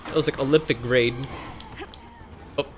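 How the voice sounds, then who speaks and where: A young man with a medium-pitched voice streams a co-op game, commenting casually at a moderate pace over background noise. He's excitable, laughs a lot, swears, and yelps whenever his character takes a hit.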